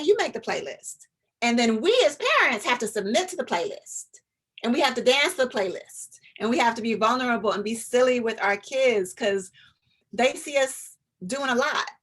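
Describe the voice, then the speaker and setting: A woman psychologist giving an informal, chatty talk to parents, animated and now and then dropping into a soft whisper to show a point. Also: mid-range voice, creaky. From US, Atlanta area. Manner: chatty and animated, often drops to a demonstrative whisper.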